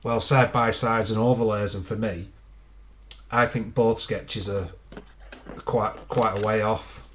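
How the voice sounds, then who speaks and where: A man's voice: on the low side, fairly even intonation, measured pace, a bit bright, a little hiss or hum. A man co-hosting a live stream, giving his views in a thoughtful, hesitant way. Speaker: co-host. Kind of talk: casual live commentary.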